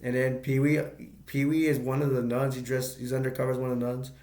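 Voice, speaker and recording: A man's voice: mid-range voice, little pitch movement, fast talker, a little mellow, echoey room. A man giving a casual, rambling movie review, retelling the plot with many restarts and stops.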